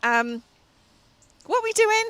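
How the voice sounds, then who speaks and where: A middle-aged woman co-hosting a studio chat show, telling stories in a lively way and laughing often. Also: very high voice, takes it slowly, dry recording. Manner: lively storyteller, laughs often, acts out voices. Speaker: TV show co-host and fitness business owner. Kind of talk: chatty anecdote on a studio show.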